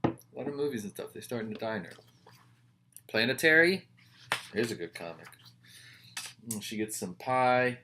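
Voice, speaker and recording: A man's voice: mid-range voice, moderate pace, long pauses, bright, forceful tone, slight background noise. A man reviewing comic books in casual chat, rambling with wry, joking asides.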